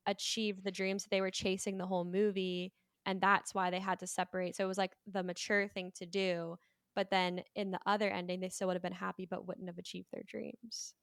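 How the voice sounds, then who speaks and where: A woman talks through a film in relaxed podcast chat, her voice smooth and resonant. The sound is dry and close, with no room around her. She strings her thoughts together loosely, peppered with "like.". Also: mid-range voice, no echo. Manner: chatty, heavy use of "like". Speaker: podcast panelist. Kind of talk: casual movie discussion.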